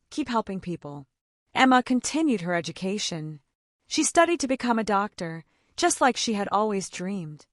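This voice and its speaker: A woman narrating an emotional story in a measured, heartfelt way. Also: mid-range voice, no echo, studio quality.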